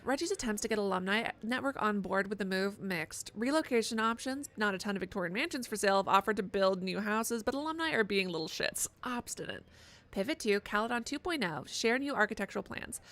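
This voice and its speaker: A woman's voice: medium pitch, fast, a bit bright. Sarcastic, chatty woman game streamer. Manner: chatty, sarcastic, swears a lot. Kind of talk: live gameplay commentary.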